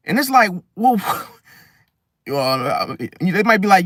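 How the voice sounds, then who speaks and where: A man's voice: on the high side, big pitch swings, takes it slowly, fairly bright tone, no room sound, clean studio sound. A man ranting bluntly in a casual monologue as host, swearing and acting out quoted voices. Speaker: astrology channel host.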